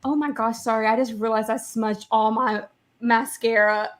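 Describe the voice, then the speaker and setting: A woman who works as a cosplayer and model chatting casually as a stream guest, giggly and quick to apologize. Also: on the high side, fairly even intonation. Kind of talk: casual chat.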